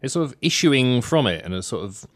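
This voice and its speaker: Dry sardonic man, lively pitch. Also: fairly quick, dry recording. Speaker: podcast co-host. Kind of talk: casual chat.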